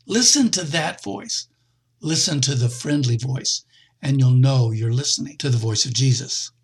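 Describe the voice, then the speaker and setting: Gravelly husky male preacher. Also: mid-range voice, moderate pace. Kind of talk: sermon.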